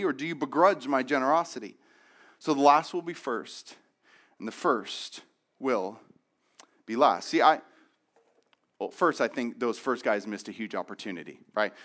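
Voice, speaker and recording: A man preaching a sermon in a conversational, animated way, acting out the reactions of the people in the story he retells. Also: high voice. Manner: conversational with frequent restarts and asides. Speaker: pastor.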